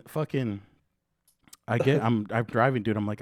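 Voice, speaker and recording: A man's voice: mid-range voice, animated, takes it slowly, dry recording, studio quality. A young man hosting a podcast, telling a story in a loose, profane way, full of "dude" and "bro". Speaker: podcast host. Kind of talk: casual podcast chat.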